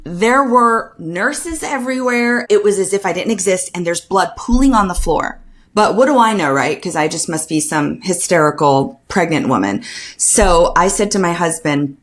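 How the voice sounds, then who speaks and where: A middle-aged woman speaks as a podcast guest, sharing a personal story. Her voice sits a little low, and she brings the tale to life by acting out the voices of the people in it, laughing now and then. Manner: animated storyteller, acts out quoted dialogue with laughs.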